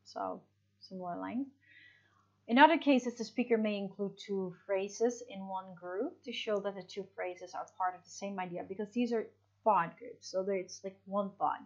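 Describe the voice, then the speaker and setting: A woman's voice: medium pitch, moderate pace. Woman teacher explaining, dull lo-fi sound. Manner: explanatory, checks in with "okay?". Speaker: English teacher. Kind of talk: online class lesson. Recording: dull lo-fi audio.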